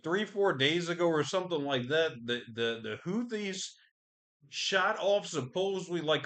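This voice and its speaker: Guy ranting on his podcast, swears a ton, keeps restarting, kinda high voice. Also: fairly bright tone. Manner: profane, rambling, lots of fillers and restarts. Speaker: podcast host. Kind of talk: casual rant about the news.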